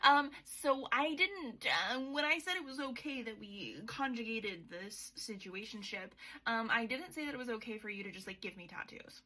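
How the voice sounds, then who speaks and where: A woman's voice: on the high side, expressive, moderate pace, pushed and bright. A woman voicing a blunt, sarcastic young heroine who swears and drawls with exasperation. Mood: exasperated.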